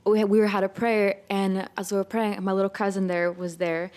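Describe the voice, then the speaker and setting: Young woman guest, mid-pitched, tells a story with lots of acted-out inner dialogue. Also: little pitch movement, moderate pace, a little mellow. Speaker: podcast guest. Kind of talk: casual faith testimony.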